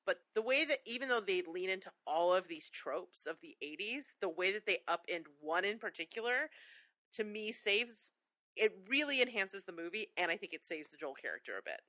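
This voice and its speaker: Lively, bright woman podcast co-host. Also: mid-range voice, no room sound. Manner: quick to laugh, chatty and emphatic. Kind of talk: casual chat.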